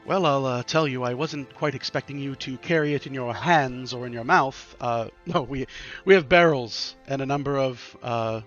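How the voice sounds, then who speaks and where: A man voicing a short, fussy male merchant who talks in a halting, overly polite way. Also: mid-range voice, a bit bright, muffled recording, faint music behind, close to an everyday voice. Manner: hesitant, stumbling, overly polite.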